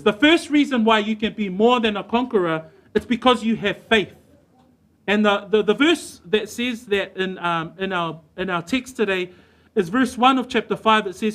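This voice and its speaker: A male preacher delivers a church sermon in a notably high voice. He talks earnestly and emphatically, slowing down to stress the words he wants to land. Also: a bit bright. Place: church service.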